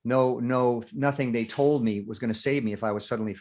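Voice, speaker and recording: Candid, animated older male actor. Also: mid-range voice, a little fast. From United States. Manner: animated, acts out inner voices, swears freely. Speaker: guest actor. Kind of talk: candid interview talk.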